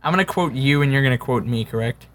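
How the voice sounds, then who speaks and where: A man's voice: mid-range voice, fast, over a noisy crowd. A young man as a guest on a casual podcast, joking and protesting playfully between laughs.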